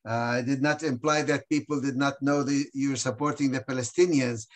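A man moderating a webinar over a video call, speaking in a measured way with frequent hesitations. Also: medium pitch, fairly even intonation. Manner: hesitant, many uhs. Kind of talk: measured commentary.

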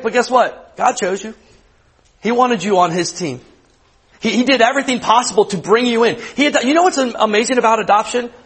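Husky-voiced man in his thirties preaching. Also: very high-pitched, a bit bright, rough recording. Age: 30s. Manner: conversational preaching, repeats words, asks the room questions. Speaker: youth pastor. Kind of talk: sermon to students.

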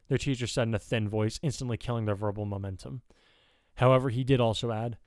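A man narrating an audio fan fiction chapter in an even storytelling voice. His pitch is mid-range and the recording is dry and close, with no room sound. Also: fast talker, gravelly, no echo.

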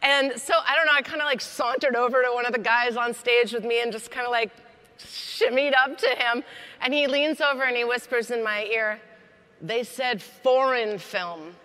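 Woman, comedic keynote speaker, chatty, laughing, bright tone, long hall reverb. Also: fairly high pitch, a little fast. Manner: lively, chatty, laughs between lines. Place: large hall on stage.

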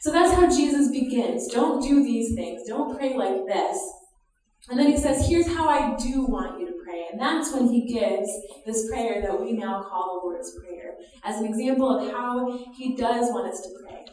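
A woman's voice: a little high, animated, moderate pace, warm tone. A woman from the United States preaching a conversational sermon in a church, with frequent laughter during anecdotes. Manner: conversational, laughs often while telling stories. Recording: echoey church hall from far off.

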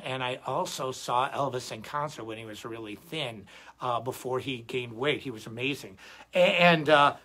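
A middle-aged man hosting a guitar live stream, chatting casually and rambling in an animated way, often restarting his sentences. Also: mid-range voice. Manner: rambling, animated, self-interrupting. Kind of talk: casual livestream chat.

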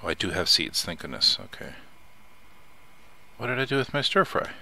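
A man's voice: low-pitched, big pitch swings, moderate pace, creaky, sharp tone. A man casually commenting as he plays a survival game, chatty, muttering to himself and swearing when something startles him. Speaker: let's play host.

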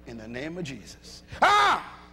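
A male preacher delivering a sermon emphatically, calling out to the congregation and shouting at peaks. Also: extremely high pitch, very animated, moderate pace, soft background music. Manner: emphatic, calls to audience.

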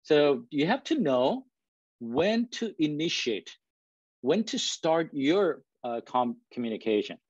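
A man's voice: fairly high pitch, very animated, slow pace, husky, no echo, dull audio. A man for whom English is a second language gives a presentation as a guest speaker. He talks in a conversational way, often checks in with "right?", and chuckles at himself now and then. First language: not English. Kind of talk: presentation to an audience.

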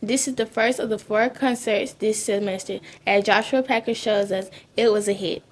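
A teenage girl anchoring a student news show, reading in a clear, measured way. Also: mid-range voice, steady tone. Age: teens.

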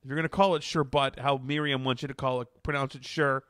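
A man's voice: mid-range voice, steady tone, very fast, dry recording, studio quality. A man co-hosting a podcast, bantering bluntly with jokes and casual swearing. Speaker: podcast co-host. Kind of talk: casual chat.

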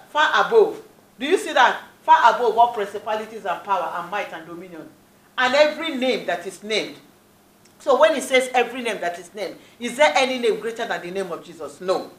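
A woman's voice: on the high side, fairly bright tone. A woman preacher giving a sermon with scripture reading, emphatic, repeating key phrases and often saying "praise the Lord". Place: church hall. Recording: echoey church hall.

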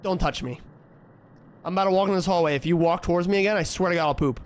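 A young man playing a horror game on stream. He trash-talks the on-screen figures in a fairly high voice and breaks into frantic yelling when startled. A faint hum of ambience sits behind him. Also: fast. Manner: profane, trash-talking, jumps to frantic yelling when scared. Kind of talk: horror game let's-play commentary.

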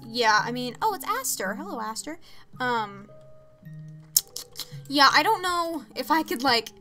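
A young woman talks casually while streaming a game, reading out chat and laughing often. Her voice sits a little high and sounds bright and clear. Soft music plays behind her. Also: sing-song, a little slow. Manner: chatty, reads chat aloud, laughs often.

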